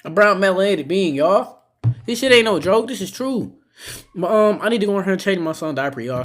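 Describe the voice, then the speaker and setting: A man's voice: sits high, expressive, fairly quick. A man streaming live on a phone, reacting to a film with impassioned, profane, preachy talk.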